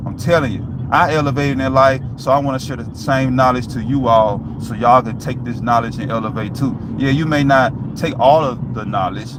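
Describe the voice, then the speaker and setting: A man talks straight to his viewers, loose and profane, pushing them to stay focused and keep going. He keeps circling back to "you know what I'm saying." His voice comes through an outdoor recording with traffic and city noise clearly audible behind him. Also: mid-range voice. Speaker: YouTube vlogger. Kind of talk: casual motivational talk to viewers.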